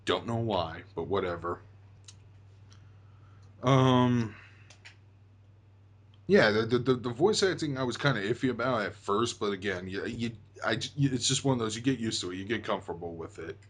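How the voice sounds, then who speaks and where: A young man hosts a casual talk about a video game, speaking in a fairly low voice. He rambles, trailing off into fillers and restarting his sentences often. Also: animated, moderate pace, long pauses. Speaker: host.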